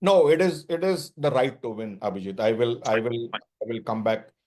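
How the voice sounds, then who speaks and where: A man with an Indian accent answering interview questions as a sales expert, emphatic and animated, speaking over a video call. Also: medium pitch, moderate pace. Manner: emphatic, animated, full of restarts.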